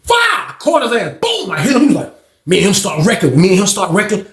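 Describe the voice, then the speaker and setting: A man telling a story in casual speech, animated, acting out quotes in a raised voice. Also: high voice, fast talker, a crowd in the background. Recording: echoey room.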